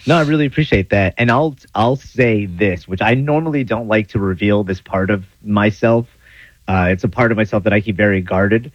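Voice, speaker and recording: A man's voice: lowish voice, normal speed, no echo. Easygoing man, dry, slightly muffled. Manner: playful, slips into a laid-back surfer-dude voice. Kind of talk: casual conversation.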